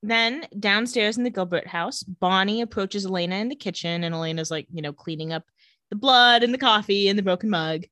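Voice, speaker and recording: A woman co-hosting a casual chat, retelling scenes and quoting characters in quick voices. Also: mid-range voice, bright, forceful tone, no echo. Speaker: podcast co-host recapping a TV episode.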